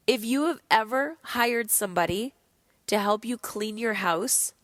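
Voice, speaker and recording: A woman's voice: a little high, no room sound, studio quality. A woman hosting a podcast, talking candidly and bluntly with lots of swearing while she is sick. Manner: blunt, profane, animated. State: sick, low energy. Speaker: podcast host. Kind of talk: candid motivational monologue.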